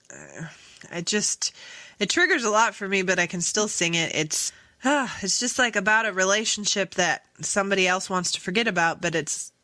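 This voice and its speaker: A woman's voice: lowish voice, dry recording. A woman hosting a casual solo podcast, rambling and chatty with many fillers and self-corrections. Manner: sings song lyrics softly. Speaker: podcast host.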